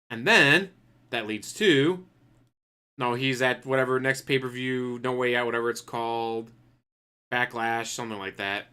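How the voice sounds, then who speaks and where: A man streaming, ranting in a loose, profane way with a bright, forward tone. He breaks off to act out what people might say in put-on voices, his pitch sitting in an ordinary middle range. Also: fairly even intonation, normal speed, clean tone. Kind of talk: casual ranting commentary.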